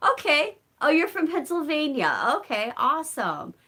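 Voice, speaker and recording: A woman's voice: high voice, pushed and bright. Chatty woman with a Southern Illinois accent. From Southern Illinois, rural community. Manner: chatty, answers viewers by name, laughs often. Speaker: channel host reading live chat. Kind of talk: casual live-stream chat.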